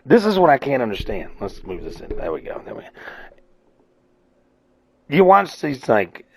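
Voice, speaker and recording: A man hosting a casual solo rant, rambling and swearing freely, laughing at himself. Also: on the low side. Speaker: podcast host.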